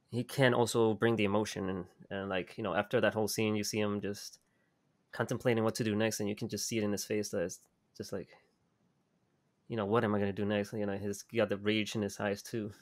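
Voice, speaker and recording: A man's voice: lowish voice, level tone, a little fast. A man co-hosting a podcast, talking casually and tentatively about a movie, often hedging what he says. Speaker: podcast co-host. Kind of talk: casual movie-discussion chat.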